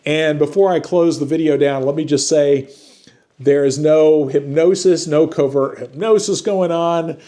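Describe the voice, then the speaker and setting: A man's voice: fairly high pitch, fairly even intonation, measured pace, dark tone. A man hosting a book review channel, talking casually to camera from his home, rambling and conversational with slang like "dude". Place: at home with a chiming antique clock.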